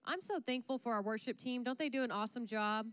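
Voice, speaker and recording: A woman's voice: on the high side, fast talker, fairly bright tone, clean tone, no echo. A woman giving upbeat, joking church announcements, welcoming guests. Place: church sanctuary.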